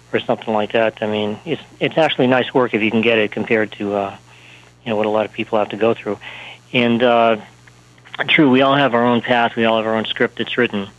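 A male author talking in an interview, halting and full of fillers and restarts. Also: fairly low pitch, highs cut off. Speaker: author and speaker, guest. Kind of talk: interview talk.

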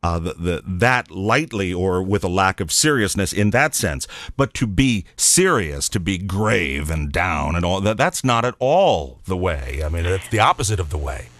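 A man's voice: low-pitched, big pitch swings, normal speed, fairly bright tone, dry recording. A man hosting a podcast in casual conversation, joking and laughing as he tells stories. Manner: jokey, laughs while telling stories. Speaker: podcast host.

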